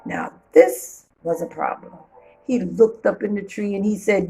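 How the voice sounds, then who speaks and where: A woman reading a children's storybook aloud with playful, expressive storytelling. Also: mid-range voice, moderate pace, vocal fry, soft background music, rough recording.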